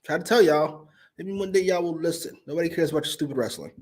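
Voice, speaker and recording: A man co-hosting a wrestling review show, giving blunt, profane, excitable reactions. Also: on the high side, fast. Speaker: podcast co-host. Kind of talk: casual wrestling review chat.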